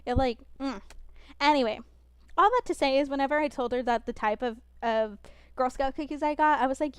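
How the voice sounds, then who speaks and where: A young woman streaming a game, talking fast and expressively, rambling with lots of fillers and restarts. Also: high-pitched, clean tone, dry recording. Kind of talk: casual chat while gaming.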